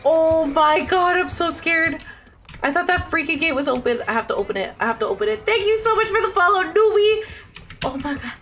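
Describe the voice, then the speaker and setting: A woman live-streaming a game, chatting with viewers and shrieking with excitement during tense moments. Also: very high voice, quick pace.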